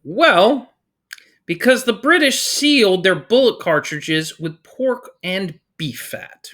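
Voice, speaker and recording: High, lively male history teacher. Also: slow. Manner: energetic, chatty, jokey. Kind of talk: casual classroom lecture.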